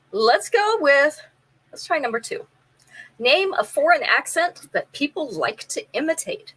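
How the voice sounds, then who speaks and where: A woman's voice: sits high, bright, forceful tone, low-quality recording. A woman hosting a live jewelry sale, chatting casually, describing pieces in detail and running a trivia game with viewers.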